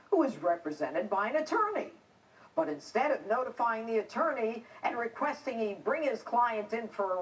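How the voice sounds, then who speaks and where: Middle-aged woman host, ex-cop, emphatic and combative in her opening commentary; animated delivery, voice a little off-mic. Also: fairly high pitch, distant mic, rough recording. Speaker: TV show host, former police officer. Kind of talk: scripted opinion monologue.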